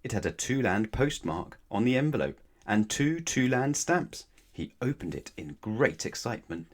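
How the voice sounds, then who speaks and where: A man reading a children's bedtime story aloud in a gentle, expressive storytelling manner. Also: medium pitch, normal speed. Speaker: storybook reader.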